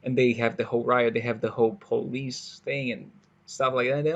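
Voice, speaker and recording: A man chatting casually as a podcast co-host, wry and sarcastic, talking in halting stops and starts. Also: mid-range voice, flat delivery, muffled recording. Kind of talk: casual chat.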